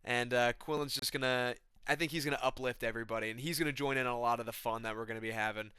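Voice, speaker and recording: A man's voice: medium pitch, fairly even intonation, fast, sharp tone, smooth, no echo, studio quality. A young man rambling in a laid-back, slangy comedic monologue as a vlogger.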